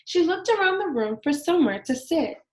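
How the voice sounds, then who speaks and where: A woman reading a children's story aloud in an expressive, sing-song storytelling manner. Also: very high-pitched, brisk, roomy sound. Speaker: storybook reader.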